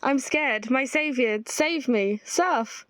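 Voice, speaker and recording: A woman's voice: on the high side, normal speed, dry recording. Woman reading a game aloud. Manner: reads text aloud with her own comments and laughs. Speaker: gamer reading a visual novel aloud. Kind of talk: playthrough narration voicing every character.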